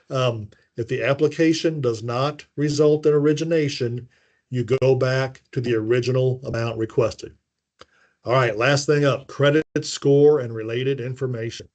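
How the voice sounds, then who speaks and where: A middle-aged man presents a webinar lesson, walking through each point in an explanatory way. He talks at a middle pitch, drops in dry little jokes and leans on filler words. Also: a little mellow. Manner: plain explanatory delivery with dry asides and frequent fillers. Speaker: webinar presenter on bank compliance.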